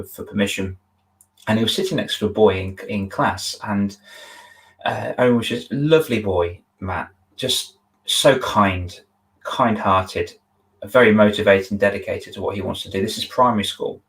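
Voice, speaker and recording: Man, fairly low voice, earnest storyteller, heartfelt, restarts sentences, video call chat. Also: low-quality recording. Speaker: confidence coach, podcast host. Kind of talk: conversational interview, storytelling.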